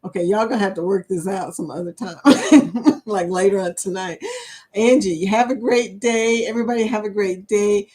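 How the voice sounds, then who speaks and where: A woman's voice: mid-range voice, moderate pace, dark tone. A woman hosting a live stream chat, reading viewer comments aloud, laughing often and speaking. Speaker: livestream chat host.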